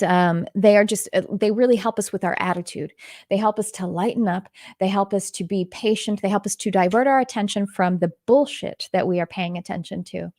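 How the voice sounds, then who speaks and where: A woman with a faint Texan accent talks through a spiritual teaching in a loose, rambling way, often stopping to restart her sentences. Her voice sits at a middle pitch. The recording is dry and close, with little room sound. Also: darkish tone, no echo. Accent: Texan, mostly faded. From Texas. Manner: rambling, many restarts and fillers. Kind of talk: casual channeled teaching.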